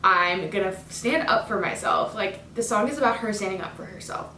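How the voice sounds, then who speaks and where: A woman's voice: mid-range voice, expressive, fairly quick, pushed and bright, slight background noise. Girl gushing about songs, lots of "like", kinda far from the mic in an echoey room. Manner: enthusiastic, chatty, lots of "like". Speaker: music fan breaking down an album. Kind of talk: casual analysis of song lyrics.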